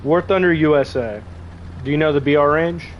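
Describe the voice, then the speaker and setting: A man's voice: fairly high pitch, a little fast, highs cut off, a little hiss or hum. A man streaming a tank game, casually chatting and joking while reading viewer messages aloud. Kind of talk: casual gaming livestream chat.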